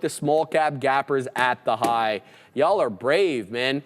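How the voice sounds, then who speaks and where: A man hosting a live trading show, giving hyped, fast-talking market commentary full of trader slang. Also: medium pitch, long reverb tail, a little hiss or hum.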